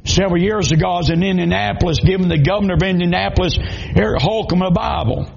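Gravelly high-voiced Southern preacher. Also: male voice, fast talker, a little mellow. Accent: Southern American (Georgia). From South Georgia, USA. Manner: folksy storytelling, humorous, raising voice to preach. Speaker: pastor. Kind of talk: sermon. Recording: dull lo-fi recording.

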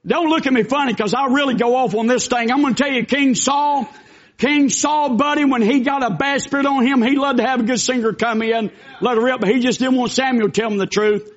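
A man preaching a fervent, folksy sermon as a pastor, with bursts of shouting. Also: extremely high pitch, fairly even intonation, a little fast. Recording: dull lo-fi recording.

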